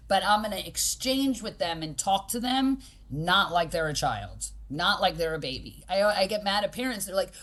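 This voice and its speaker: A middle-aged woman, a boxing coach, talking casually on a podcast and acting out what kids and parents say. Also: fairly low pitch. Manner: animated, acts out kids' and parents' voices.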